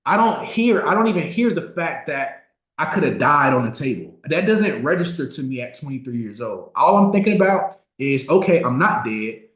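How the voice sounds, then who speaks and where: A man in his thirties giving a motivational talk, telling a personal story and slowing down to stress key words. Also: on the high side, big pitch swings. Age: 30s. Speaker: motivational speaker. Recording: roomy echo.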